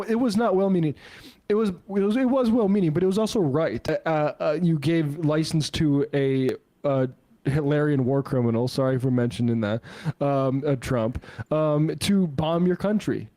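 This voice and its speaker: A man giving casual political commentary, indignant and halting as he works through his point. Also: a little high, warm tone. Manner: indignant, halting with fillers and restarts. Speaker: political streamer.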